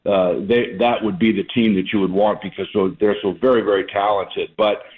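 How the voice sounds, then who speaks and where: A man's voice: fairly low pitch, steady tone, moderate pace. An older man, a retired basketball coach, telling folksy stories as a guest on a radio sports show, with an easy chuckle. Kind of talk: radio interview storytelling. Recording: phone-line call-in audio.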